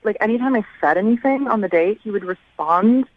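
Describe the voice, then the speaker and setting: A woman's voice: medium pitch, expressive, a little fast. A woman calling in to a radio show, casual and giggly, saying "like" a lot over a phone line. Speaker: caller.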